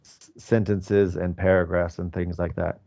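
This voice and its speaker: A man's voice: deep voice, little pitch movement, unhurried, creaky, mellow, highs cut off. A man in his forties teaching an online English class, patient and explanatory with many fillers. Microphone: video call.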